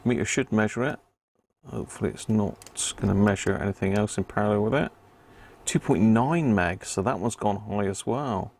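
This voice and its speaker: On a livestream where he mends a radio, a middle-aged man with a Devon accent speaks on the low side at a moderate pace, with vocal fry and a slightly mellow tone. He mutters readings, thinks aloud, and chats casually with viewers.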